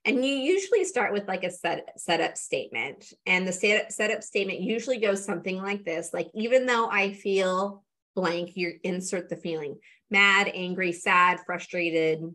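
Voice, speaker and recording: This woman speaks with a fairly low, expressive voice that is bright and forceful, at a moderate pace. She is a guest energy coach, conversationally guiding listeners through a tapping routine step by step and leaning on plenty of fillers as she demonstrates.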